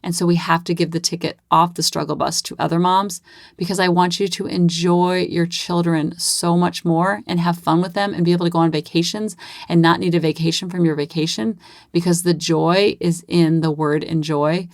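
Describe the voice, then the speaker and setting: A woman's voice: fairly low pitch, steady tone, normal speed, gravelly, dry recording, clean studio sound. A woman in her thirties hosting a parenting podcast, chatting in an upbeat way. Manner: chatty, upbeat, acts out kids' voices. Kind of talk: casual solo podcast talk.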